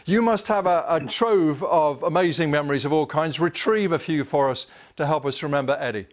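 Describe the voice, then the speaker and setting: A male news presenter introducing a story and questioning a guest in a live interview. He speaks in a measured, formal broadcast manner. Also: on the high side.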